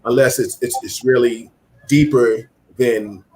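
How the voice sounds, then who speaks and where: A man's voice: mid-range voice, steady tone, measured pace, dark tone. A man hosting a casual talk show, reading out viewer comments and retelling stories with energy. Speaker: host. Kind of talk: casual chat.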